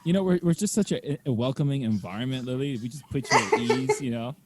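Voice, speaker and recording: A man's voice: mid-range voice, quick pace, heavy background noise. A man hosting a podcast, chatting casually and telling stories with lots of laughter. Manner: animated, laughing storyteller. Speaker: podcast host. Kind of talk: casual chat.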